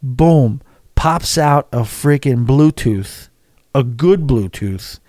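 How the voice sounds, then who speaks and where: A man in a vlog, telling a story in a chatty, animated way and acting out what people said. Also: medium pitch, slow pace, dry recording, clean studio sound. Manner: animated, chatty, acts out quotes. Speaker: vlogger. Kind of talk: casual storytelling.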